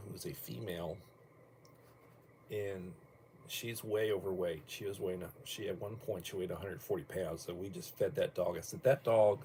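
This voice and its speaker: A man's voice: on the low side, slight background noise. An older man hosting a casual livestream from home, rambling bluntly and cursing casually between topics. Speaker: livestream host.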